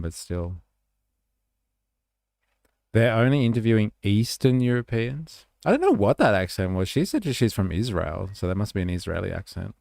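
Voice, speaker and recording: A man's voice: low-pitched, creaky, a little mellow, dry recording, clean studio sound. An Australian man hosting a livestream, rambling casually and swearing as he reacts to news. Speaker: livestream host. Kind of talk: casual commentary stream.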